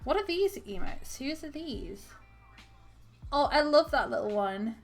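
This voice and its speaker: A woman's voice: high voice, expressive, measured pace, soft background music. A woman hosting a live stream, chatting with viewers, laughing often and gushing with overwhelmed thanks. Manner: giggly and effusive, laughing often. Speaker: livestream host.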